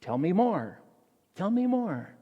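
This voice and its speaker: A man's voice: high voice, sing-song, slow pace, breathy edge, big-room sound, phone-quality sound, heavily acted. A pastor voicing a coy male teacher who asks coaxing questions, in a sermon.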